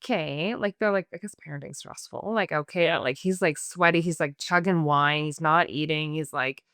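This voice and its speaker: A woman talks through a film's story on a review podcast, filling her sentences with "like" and slipping into characters' lines. Her voice sits low for a woman. The recording is dry and close. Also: normal speed, fairly bright tone, smooth, no echo. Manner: chatty, heavy use of "like", voices characters' lines. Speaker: film review podcast co-host. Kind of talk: casual chat retelling a film plot.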